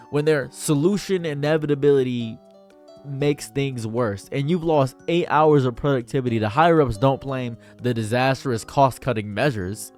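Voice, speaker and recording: A young man doing sarcastic, exasperated commentary as a streamer, ranting about a pet peeve. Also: mid-range voice.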